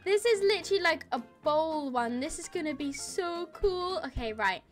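A woman's voice: very high voice, expressive, moderate pace, faint music behind. A young woman playing a game and commenting with squeals, gasps and laughter, calling her partner sis. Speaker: gaming YouTuber. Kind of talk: excited roleplay gameplay commentary.

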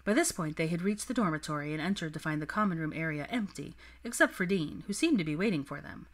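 Low-pitched woman reading a story aloud. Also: lively intonation, fast talker. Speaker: fanfiction reader. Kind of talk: storybook narration.

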